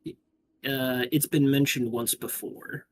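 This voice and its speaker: A man narrating as game master in a tabletop game, pausing often with "uh". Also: mid-range voice, steady tone. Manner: narrates with frequent "uh" pauses.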